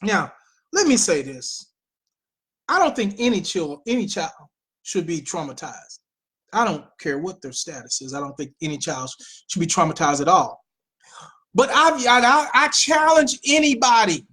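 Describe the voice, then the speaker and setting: An American man hosting an opinion show, talking in an animated, sarcastic way full of exclamations. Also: high voice, normal speed. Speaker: host.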